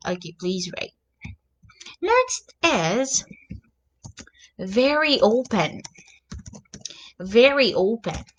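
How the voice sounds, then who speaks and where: A woman's voice: mid-range voice, a bit bright. A young woman teaching English vocabulary in a casual lesson, repeating each new word and example sentence aloud.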